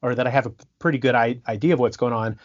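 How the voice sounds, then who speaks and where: A man telling stories in a casual podcast interview, animated, laughing often and restarting his sentences. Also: medium pitch, rapid-fire, muffled recording. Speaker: guest musician and sound engineer.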